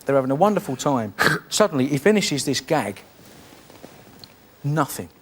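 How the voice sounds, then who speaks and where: A man's voice: fairly high pitch, sing-song, normal speed. A man who is a guest on a chat show, spinning a showbiz anecdote in a chatty way that tumbles over its own restarts. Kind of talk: telling an anecdote and a joke. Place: TV studio.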